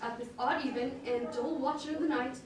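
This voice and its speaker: A woman acting an eager, foolish young male gentleman in an amateur stage performance, speaking urgently and pleadingly. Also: high-pitched, fairly even intonation, moderate pace, a little hiss or hum, natural voice. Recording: very echoey room from far off.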